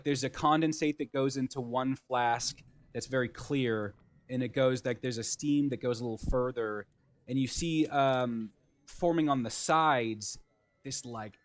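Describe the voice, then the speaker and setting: A young man running a tabletop game as game master, describing scenes hesitantly with many fillers. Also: medium pitch.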